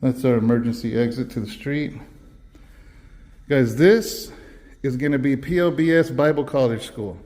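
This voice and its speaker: A man's voice: mid-range voice, a little fast, hardly any pauses, dark tone. A man out of breath from walking, eagerly touring an empty church building and talking straight to viewers. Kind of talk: casual walkthrough vlog.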